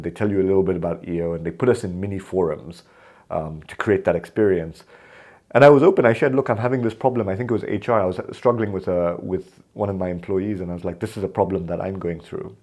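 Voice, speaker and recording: A man's voice: deep voice, fast. A man from Kenya, a podcast guest, telling stories in a conversational interview and acting out the dialogue in them. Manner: animated, acts out quoted dialogue in his stories.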